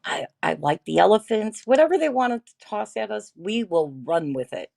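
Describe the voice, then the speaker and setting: A woman's voice: mid-range voice, sing-song, moderate pace, creaky, darkish tone. A middle-aged woman hosting a casual livestream, chatting, laughing often and greeting viewers by name as she reads their comments. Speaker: livestream host.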